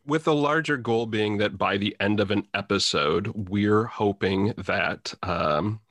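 A man co-hosting a podcast who speaks in a measured, hesitant way with many "um" and "uh" fillers. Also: lowish voice, a bit bright, no room sound. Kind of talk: casual podcast chat.

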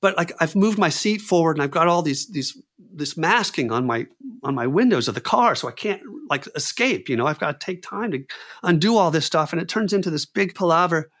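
Male storyteller, slightly high-pitched, animated, repeats himself for emphasis. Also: brisk. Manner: animated, repeats words and phrases, acts out quoted voices. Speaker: clown performer telling a story. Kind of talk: personal storytelling.

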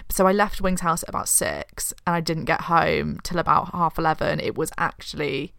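Brief: woman podcast co-host, casual, frank, lower voice with vocal fry. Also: normal speed, no echo, studio quality. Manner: frank, animated storytelling with swearing. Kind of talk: casual chat.

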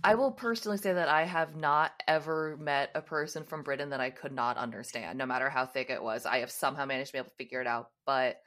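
A woman's voice: a bass voice, fast, few pauses. An American woman hosting a podcast, chatting casually over a video call and laughing often. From United States. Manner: laughs often, animated and playful. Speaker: podcast host. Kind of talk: casual chat. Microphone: webcam on a video call.

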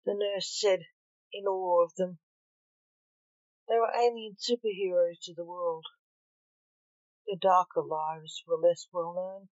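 A woman reading a fan story aloud in plain, even narration, on a dull lo-fi recording. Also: on the low side, takes it slowly, pauses often, no room sound. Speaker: story reader.

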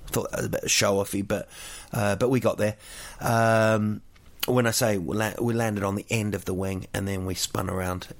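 A man from New Zealand with a New Zealand accent, chatting casually and telling rambling, jokey stories full of fillers and restarts. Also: on the low side. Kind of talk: casual chat.

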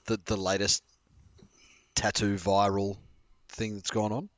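A man co-hosting a podcast, telling stories in an animated, swearing way. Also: fairly low pitch, unhurried, dry recording. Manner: animated, profane storyteller. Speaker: podcast co-host. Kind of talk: casual storytelling chat.

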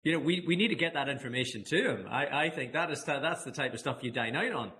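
A man guest on a podcast, retelling football memories in lively casual chat full of restarts and laughter. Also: medium pitch, fast talker. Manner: lively storyteller, many restarts, frequent laughs.

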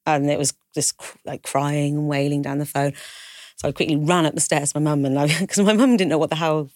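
Low-pitched woman telling her story on a podcast, does the voices, lots of "like", dry close mic. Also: fairly even intonation, brisk, darkish tone, dry recording. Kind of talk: candid conversational storytelling.

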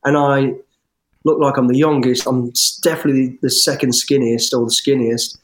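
A middle-aged man, an interview guest telling his life story in an animated, rambling way with restarts and swearing. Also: mid-range voice, normal speed, a little hiss or hum. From English West Midlands. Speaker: interview guest, former soldier. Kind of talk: storytelling in conversation.

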